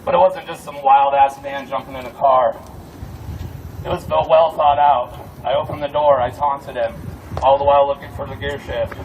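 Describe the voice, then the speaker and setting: A man's voice: mid-range voice, steady tone, moderate pace, a little mellow. A man giving a heated, profane rallying speech as protest security, outdoors on a street at night. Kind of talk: fired-up street speech to a crowd. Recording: distant mic with street noise.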